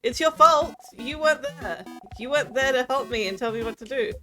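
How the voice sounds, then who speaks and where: A woman voicing an eager young child who wants to learn to fight, talking earnestly in short, excited bursts. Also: a little high, normal speed, over music, pitched above the performer's own voice, lightly acted. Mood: indignant.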